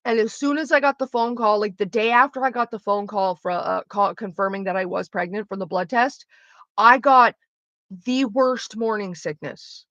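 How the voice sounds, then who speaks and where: A young woman talking candidly in a casual chat, blunt and animated, swearing freely. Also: mid-range voice, moderate pace, no echo, highs cut off. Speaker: streamer.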